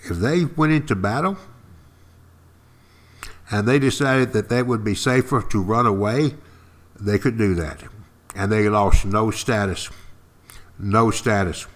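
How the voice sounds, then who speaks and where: A man's voice: fairly low pitch, a little slow, long pauses. An older man, teaching a history lesson to podcast listeners. He talks emphatically, repeats key words and asks his listeners questions. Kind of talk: lively classroom-style history talk to podcast listeners.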